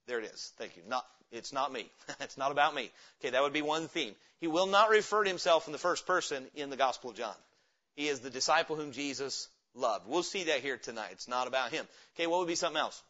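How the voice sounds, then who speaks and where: Male pastor, sermon, questions to the congregation, forceful bright voice, muffled lo-fi church recording. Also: mid-range voice, animated, fast. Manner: asks the congregation questions and answers them. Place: church sanctuary.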